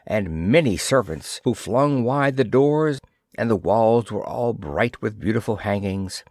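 A male narrator with a mid-range voice reads a fairy tale aloud, measured and expressive in his storytelling. The recording is dry and studio-clean.

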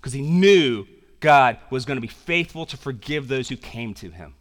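A man preaching a sermon as pastor. He swings between loud emphatic passages and quiet, intense ones, with casual slang in his asides. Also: medium pitch, animated, normal speed.

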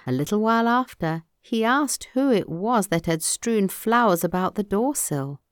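A woman reading a folktale aloud in a measured, expressive manner. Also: medium pitch, clear, resonant tone, no room sound, clean studio sound. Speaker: storyteller.

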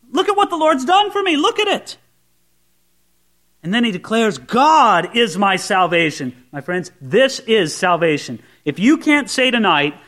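A man, a pastor, preaching an expository sermon in a conversational, emphatic way, asking rhetorical questions and swinging between hushed and raised emphasis. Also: high voice.

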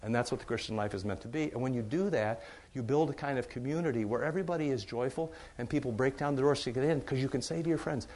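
A man's voice: mid-range voice, fast talker, darkish tone. A man preaching to his congregation in a loose, conversational way, often repeating phrases for emphasis. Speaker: pastor. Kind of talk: sermon.

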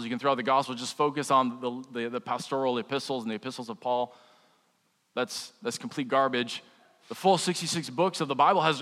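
A man's voice: mid-range voice, a bit bright, in a large hall. A man, a pastor, preaching a sermon in a casual, humorous way with frequent restarts.

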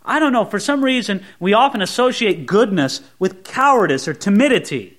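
Man preaching a sermon, high voice, very animated pitch, drops to quiet asides then lifts to emphatic lines. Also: a little fast. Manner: expressive preaching, swinging between soft low asides and raised emphatic lines. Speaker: pastor.

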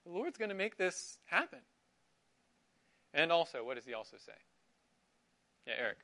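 A man's voice: fairly high pitch, big pitch swings, moderate pace, pushed and bright. A middle-aged man teaching a Sunday school class, asking his students questions and affirming their answers. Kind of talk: interactive Bible class.

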